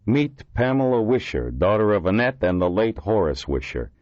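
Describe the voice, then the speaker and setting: A man's voice: lowish voice, sing-song, normal speed, a little mellow, dry recording, pitched above the performer's own voice. A man voicing an irritable, blunt male police lieutenant in an audiobook reading. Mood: impatient. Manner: gruff, blunt. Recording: dull lo-fi dry recording.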